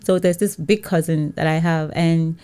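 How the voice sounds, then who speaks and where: A woman from Nigeria with a fairly low voice recounts her past as an interview guest. She tells the story in a lively way, laughs often and acts out what other people said. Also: moderate pace, clear, resonant tone. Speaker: entrepreneur guest.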